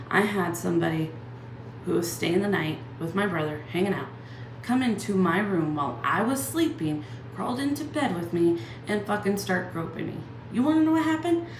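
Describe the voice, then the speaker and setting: A young woman hosting a channel rants angrily to the camera, swearing nonstop and firing off rhetorical questions. Her mid-range voice sounds roomy, with slight background noise.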